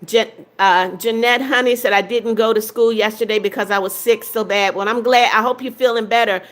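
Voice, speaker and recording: A woman's voice: fairly high pitch, steady tone, a little fast, fairly bright tone. A woman in her seventies hosting a livestream, casually reading viewers' comments aloud and greeting them by name. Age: 70s. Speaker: livestream host.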